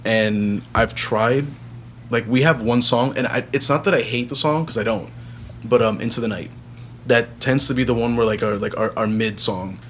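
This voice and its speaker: A male singer-songwriter talks loosely about his songs in a relaxed, rambling interview manner. His voice sits at an ordinary mid pitch. A faint hum runs under the recording. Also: moderate pace. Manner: relaxed, rambling storyteller, acts out quotes. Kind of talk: casual interview chat.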